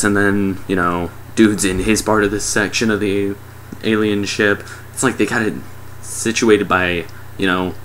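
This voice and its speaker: A man's voice: fairly low pitch, a bit bright, slight background noise, poor audio. A man giving a casual, comedic movie recap in a sarcastic, mock-exasperated way. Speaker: movie reviewer.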